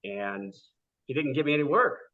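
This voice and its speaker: A man telling his story as a podcast guest, lively and full of "like" fillers, acting out the people he quotes. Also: medium pitch, moderate pace. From United States. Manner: animated, acts out quoted people, many "like" fillers. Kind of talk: casual storytelling interview. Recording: dull lo-fi podcast audio.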